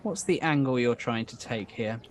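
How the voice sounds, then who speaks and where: A man's voice: medium pitch, normal speed. A man narrating an improvised tabletop game as dungeon master, describing scenes hesitantly with many fillers.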